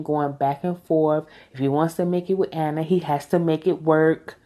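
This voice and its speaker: A woman's voice: low-pitched, warm tone. A woman giving a blunt, exasperated casual recap of a reality show, swearing as she talks.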